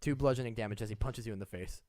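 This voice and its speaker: A man's voice: medium pitch, rapid-fire, darkish tone, no echo. A man narrating a tabletop game as game master, chatty with frequent laughs and fillers.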